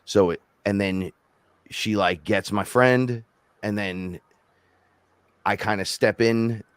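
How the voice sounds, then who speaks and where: A rapper co-hosting a podcast, telling rambling, animated stories in casual chat and quoting himself along the way. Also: male voice, fairly low pitch, takes it slowly, clear, resonant tone, no echo. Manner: rambling, animated storytelling with self-quotes.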